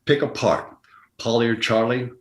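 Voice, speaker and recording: An older man, an actor guest on an interview show, telling a story with halting restarts and acting out the people he quotes in higher, louder voices. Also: steady tone. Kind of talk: anecdotal storytelling. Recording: roomy echo.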